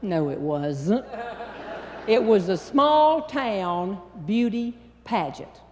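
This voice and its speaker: A woman with a Southern American accent, a humorist telling a story to a live audience, with a folksy, drawn-out delivery and deliberate pauses. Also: mid-range voice, lively intonation, a little mellow, slight background noise. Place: large hall before a live audience. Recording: long reverb in a large hall.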